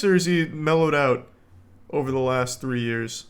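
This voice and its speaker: A man's voice: medium pitch, unhurried. A male streamer chatting casually, reacting to clips with wry remarks and thanking viewers. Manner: laid-back, wry commentary, thanking viewers.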